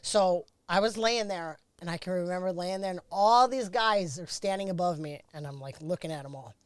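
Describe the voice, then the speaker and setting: A woman's voice: lowish voice, normal speed, no echo. A middle-aged woman, a former race car driver, bluntly recounting a crash in a candid interview, swearing freely.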